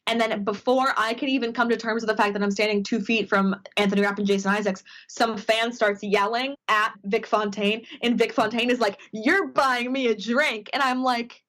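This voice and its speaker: A woman from Minnesota, a podcast cohost on a video call, telling a lively story full of quoted dialogue and fillers. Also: a little high, brisk, few pauses. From Minnesota, USA. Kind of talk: casual chat.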